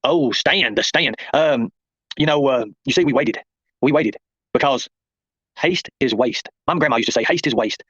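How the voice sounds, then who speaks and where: A man's voice: mid-range voice, moderate pace, fairly bright tone, husky, no echo, muffled recording. A man hosting a rambling livestream, confrontational and calling out viewers by name. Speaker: livestream host.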